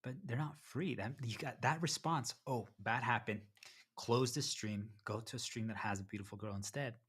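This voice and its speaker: Speaking at normal speed with a medium-pitched, slightly bright voice that has a breathy edge, this man livestreams from home. He rambles to chat, interrupts himself, keeps saying "you guys," and now and then talks with his mouth full.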